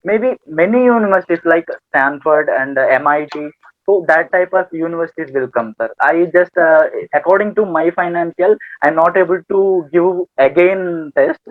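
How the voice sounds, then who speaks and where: Tinny-sounding man, higher voice. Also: normal speed, no room sound. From India. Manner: hesitant, many fillers, polite "sir". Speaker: student guest. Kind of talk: interview answers. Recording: tinny phone-like call audio.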